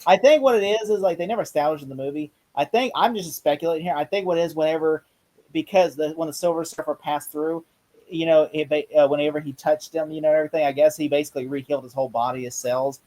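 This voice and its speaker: A man in a casual movie discussion, talking in an animated way, retelling scenes and often repeating phrases. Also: on the high side, fast. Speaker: podcast co-host.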